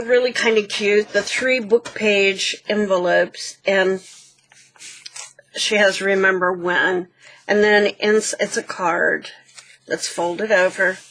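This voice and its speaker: A woman hosting a craft channel, gently walking through a handmade book page by page and pointing out details. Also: medium pitch. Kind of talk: casual show-and-tell walkthrough.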